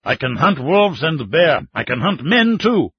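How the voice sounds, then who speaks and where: A stubborn old Russian hunter and war veteran, put on by a male audiobook narrator. He declares himself in a loud, higher-pitched, gruff voice with a husky edge. The recording is dry and slightly dull. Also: big pitch swings, a little slow, no echo, heavily acted. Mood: defiant. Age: older.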